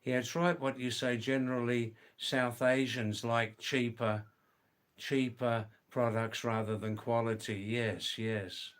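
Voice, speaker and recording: A middle-aged man hosting a livestream, reading viewer comments aloud and slowly, gently correcting their English. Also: medium pitch, level tone. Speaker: livestream host.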